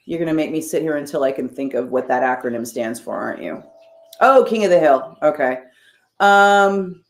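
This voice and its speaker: Low-voiced woman, dry and sarcastic. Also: animated, a little slow, long pauses. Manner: wry, sarcastic asides. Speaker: streamer reading chat. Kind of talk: casual chat. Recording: roomy echo.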